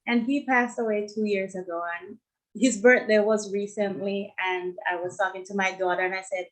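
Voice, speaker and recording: A middle-aged woman, a nurse telling her story as an interview guest in a heartfelt, animated way. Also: mid-range voice, moderate pace, low-quality recording. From Jamaica. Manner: heartfelt, animated when quoting others.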